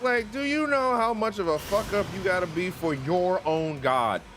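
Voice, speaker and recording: A man hosting a livestream, chatting casually in an animated, profane way and laughing often. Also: high voice, moderate pace, noisy background. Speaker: streamer host.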